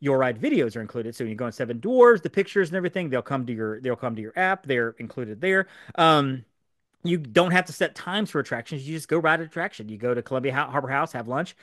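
A man co-hosting a podcast in a studio, explaining things in a fast, animated way with lots of fillers. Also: mid-range voice, no room sound. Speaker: podcast co-host. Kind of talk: casual podcast chat.

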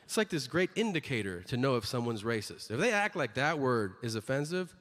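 A man's voice: mid-range voice, a little fast, long reverb tail. A man performing a stand-up routine, telling stories and acting out the people in them. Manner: animated storytelling, acts out characters. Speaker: stand-up comedian.

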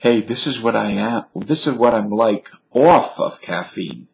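A man's voice: lowish voice, lively intonation, a little slow, vocal fry, few pauses. A man talking alone to his webcam indoors, musing in a wry, self-mocking way. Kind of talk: rambling webcam monologue. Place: indoors at a computer.

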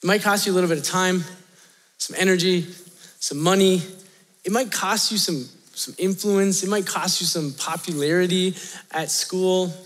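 High-voiced man preaching to students. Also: normal speed. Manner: animated, chatty, laughs often, talks straight to the audience. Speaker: youth pastor. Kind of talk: storytelling sermon to students. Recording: long reverb of a large hall.

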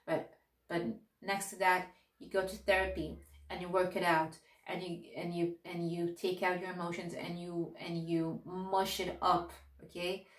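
A woman giving a casual spiritual talk, speaking in an earnest, direct and encouraging way. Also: medium pitch. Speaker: spiritual teacher. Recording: roomy echo, distant mic.

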